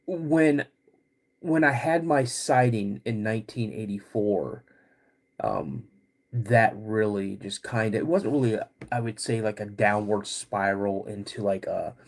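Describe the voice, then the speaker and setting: Middle-aged male host, unhurried, rambling delivery, tail end of a cold with frequent throat clearing. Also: fairly low pitch. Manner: laid-back and rambling, greets chat viewers between stories. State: getting over a cold. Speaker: podcast host. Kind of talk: casual livestream chat.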